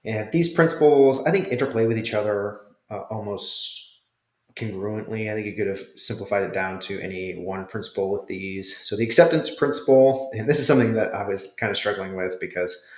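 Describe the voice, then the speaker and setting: A man in his thirties with a fairly low voice talks through a review in a relaxed, thinking-aloud way, pausing on fillers as he goes. He sounds like an instructor explaining things to his students. The recording has a roomy echo around him. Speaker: jiu jitsu instructor reviewing a course. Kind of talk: casual spoken review.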